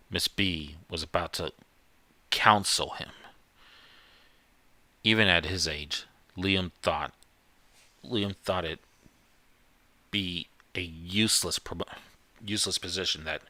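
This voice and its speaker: Male live story narrator, low voice, bright tone, dry sound, frequent restarts. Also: no echo. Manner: stumbling, self-correcting reading. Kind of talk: live horror story reading.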